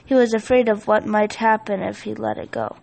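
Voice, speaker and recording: A woman reading a children's picture book aloud, with a steady, expressive storytelling delivery. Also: medium pitch, brisk, gravelly, rough recording.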